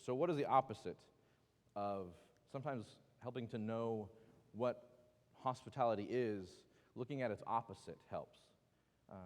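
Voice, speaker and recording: Chatty guy teaching bible class, jokey asides, church hall with long echo. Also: lowish voice. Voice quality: joking, chatty, with many asides. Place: church meeting room.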